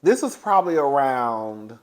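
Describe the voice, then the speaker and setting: A young man telling a casual storytime to his viewers, animated and chatty, often calling the listener "girl" and jumping into high excited bursts. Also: measured pace.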